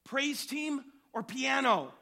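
A man voicing an overexcited preacher who gushes and shouts more and more fanatically. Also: extremely high pitch, animated, slow pace, pitched above the performer's own voice, heavily acted. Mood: excited, shouting. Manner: shouting, gushing.

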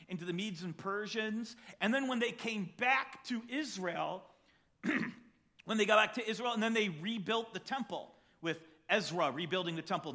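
A pastor delivers a sermon in a lively, conversational way and breaks into acted voices as he retells the story. His voice sits high for a man and has a bright, ringing tone. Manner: animated, acts out voices in the story. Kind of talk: sermon with Bible reading.

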